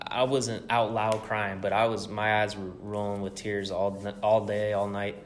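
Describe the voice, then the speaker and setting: A man's voice: lowish voice, little pitch movement, normal speed, a little hiss or hum. A young man co-hosting a podcast, telling stories in a loose, rambling way with plenty of swearing. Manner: loose, profane, rambling storytelling. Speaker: podcast co-host. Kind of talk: casual chat.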